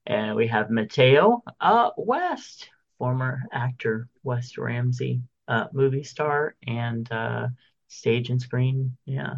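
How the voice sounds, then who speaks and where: A man co-hosting a podcast, talking slowly with a gravelly edge and a lively, swinging pitch. His voice comes through a dull, slightly lo-fi recording. He chats casually while reading out birthdays and listener notes. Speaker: podcast co-host. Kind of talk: casual chat.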